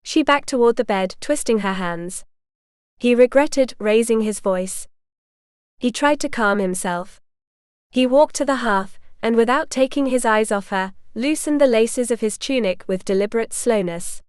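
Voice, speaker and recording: A woman narrating a romance audiobook in a measured, even storytelling manner. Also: a little high, smooth, no room sound, clean studio sound. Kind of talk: scripted narration.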